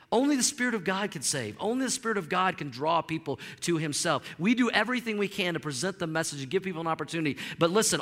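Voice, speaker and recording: Bright-voiced pastor preaching in a hall. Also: male voice, high-pitched. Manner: animated, emphatic preaching with frequent stammered restarts. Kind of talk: sermon. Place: church sanctuary. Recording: long reverb of a large hall.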